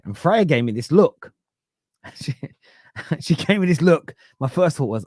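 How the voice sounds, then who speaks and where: A man in his thirties hosting a casual football chat, animated and laughing often, repeating words for emphasis. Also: mid-range voice, unhurried, long pauses, no echo, clean studio sound. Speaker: football podcast host. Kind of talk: casual live-stream chat reading comments.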